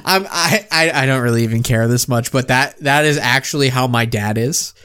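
A man's voice: mid-range voice, normal speed, sharp tone, clear, resonant tone. A young man co-hosting a podcast, teasing his co-host with joking mock outrage in casual chat.

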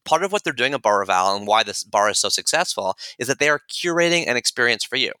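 A man with a bright, forceful voice tells a story in a casual, chatty way. He acts out the dialogue with animated jumps in his voice. The sound is dry and close. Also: mid-range voice, fast talker, few pauses, no room sound. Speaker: podcast guest.

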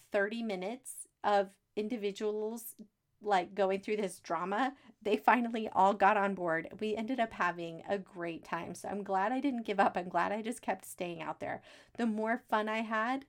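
A woman, hosting a podcast in a chatty, upbeat way with folksy asides and frequent laughs. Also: medium pitch. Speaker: podcast host. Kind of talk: casual solo podcast talk.

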